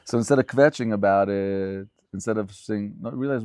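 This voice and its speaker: A man's voice: on the low side, normal speed, hardly any pauses, a little mellow, clean tone, dry recording, clean studio sound. A man giving a Torah lecture as a rabbi, speaking fervently and emphatically and repeating phrases for stress.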